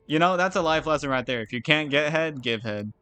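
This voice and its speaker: A young man streams a game and chats casually with his viewers in a bright, forward voice. His pitch swings widely as he swears and vents at the game. Faint game music plays behind him. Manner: loud, swearing, frustrated outbursts and laughing. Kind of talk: casual gaming stream chat.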